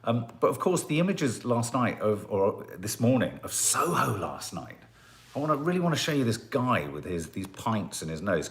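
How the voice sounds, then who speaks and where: A man hosting a casual live stream, chatting in a rambling way and reading out viewer comments. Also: on the low side. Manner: chatty and rambling, with frequent restarts and asides.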